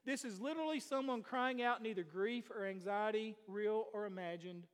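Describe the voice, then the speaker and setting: A high-pitched man preaching to his congregation. He moves from booming statements to quiet, intimate asides and keeps asking the room questions. His voice rings with the long reverb of a big church hall. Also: fairly quick, clean tone. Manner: swings between loud declarations and hushed asides, with many rhetorical questions. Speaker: pastor. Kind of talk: sermon. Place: church sanctuary.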